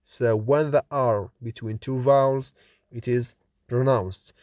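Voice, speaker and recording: A man's voice: mid-range voice, steady tone, darkish tone, no echo, studio quality. A man teaching a recorded phonetics lesson, reading example words one by one for the listener to repeat. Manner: slow, deliberate drilling of example words for repetition. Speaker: phonetics lecturer.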